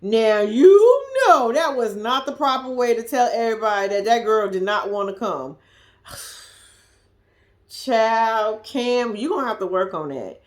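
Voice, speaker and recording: A woman giving a blunt, profane, animated recap of a reality TV episode, dropping to a hush at times. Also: fairly high pitch, measured pace. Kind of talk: casual commentary recap.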